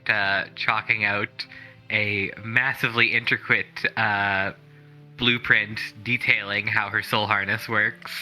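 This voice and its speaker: A man's voice: lowish voice, sharp tone, low-quality recording. A man playing a tabletop game, describing his character's actions in detail with fillers. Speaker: player. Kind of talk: casual tabletop play.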